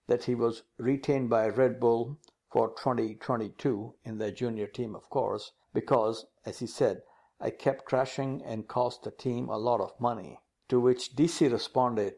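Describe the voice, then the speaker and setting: A man co-hosting a motor racing podcast, reading news items in a lively, joking manner and calling his partner "sir". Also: medium pitch, measured pace. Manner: animated, calls partner "sir". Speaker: podcast co-host. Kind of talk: casual news chat.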